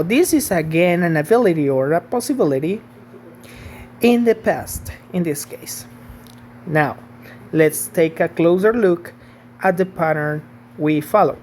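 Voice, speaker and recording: A woman's voice: fairly low pitch, lively intonation, measured pace, a little mellow, slight background noise. Woman teaching English grammar. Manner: patient, checks in with "okay?" and "right?". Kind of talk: online grammar lesson.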